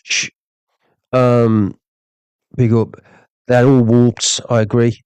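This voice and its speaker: A man's voice: medium pitch, little pitch movement, takes it slowly, darkish tone, clean tone, no echo. A man on a live stream, ranting angrily with lots of swearing, repeating himself and reading out viewer comments. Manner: angry, profane, repeats "you know what I mean".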